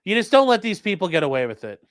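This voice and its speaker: A man hosting a livestream as an attorney, giving sarcastic, animated legal commentary. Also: sits high, quick pace, dry recording. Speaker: attorney and channel host.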